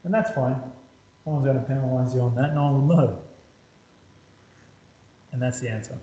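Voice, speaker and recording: A man's voice: medium pitch, normal speed, dark tone. A man tutoring maths in a casual whiteboard lesson, chatty and repetitive, talking students through each step. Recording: roomy echo, slightly dull lo-fi sound.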